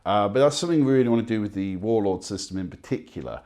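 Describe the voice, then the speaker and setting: A man answering rapid questions about his work as a game developer, with a fairly low voice. He sounds relaxed and easygoing, filling pauses with ums and uhs as he thinks. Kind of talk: casual rapid-fire Q&A.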